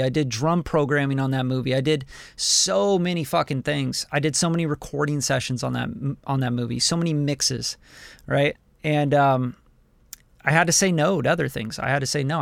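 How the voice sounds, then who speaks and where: A man in his forties hosting a podcast, giving a blunt, profane, animated motivational talk about a music career. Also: fairly high pitch, dry recording. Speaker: podcast host, music producer.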